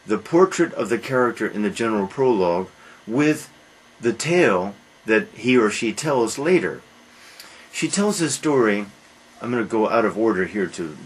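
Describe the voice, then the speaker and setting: A man's voice: on the low side, slightly rough, rough recording. A man lecturing on literature to a class, asking rhetorical questions and answering them himself, with frequent uhs.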